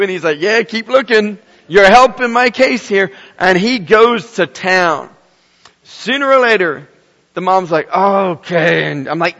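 A middle-aged male pastor preaches in a lively, storytelling way, with wry humorous asides. His voice sits somewhat high. The recording carries a long hall reverb and sounds a little dull. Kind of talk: sermon.

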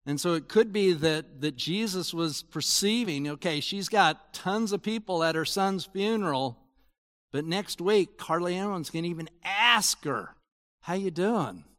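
High-voiced preacher in a reverberant hall. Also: male voice, unhurried, fairly bright tone. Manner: earnest preaching, rising to emphatic peaks. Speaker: pastor. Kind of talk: sermon.

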